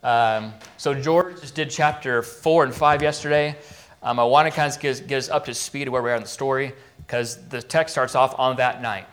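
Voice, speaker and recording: A man's voice: mid-range voice, steady tone, normal speed, a bit bright. Man retelling a Bible story from the pulpit. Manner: casual storytelling, acting out quoted lines. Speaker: pastor. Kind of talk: sermon recap of a Bible story. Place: church.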